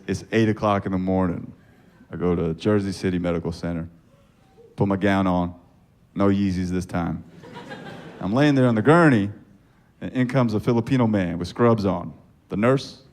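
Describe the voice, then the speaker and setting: A man doing profane stand-up comedy storytelling, with a deadpan delivery and sudden squeaky high-pitched punchlines. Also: normal speed, long pauses. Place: comedy club stage with laughing audience. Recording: live club recording with audience noise.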